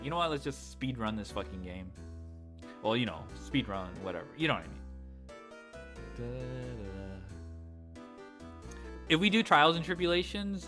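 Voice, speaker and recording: A man's voice: mid-range voice, bright, forceful tone. A man casually chatting while playing a game, rambling and swearing freely. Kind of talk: casual let's-play commentary.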